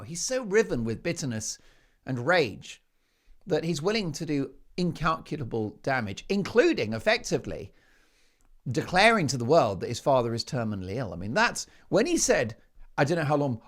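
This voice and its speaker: Man, talk show host, sarcastic, emphatic, very expressive pitch. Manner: emphatic, sarcastic, with rhetorical questions. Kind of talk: opinionated monologue.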